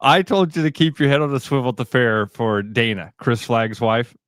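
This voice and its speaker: A middle-aged man co-hosting a sports talk radio show, telling animated stories and laughing easily. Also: mid-range voice, normal speed, dry recording, studio quality. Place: radio studio.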